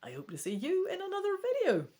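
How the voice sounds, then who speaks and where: A woman's voice: very high voice, wildly swooping pitch, quick pace, mellow. A Scottish woman reading a gamebook aloud and commenting on it in a chatty, wry way with casual swearing. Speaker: gamebook reader.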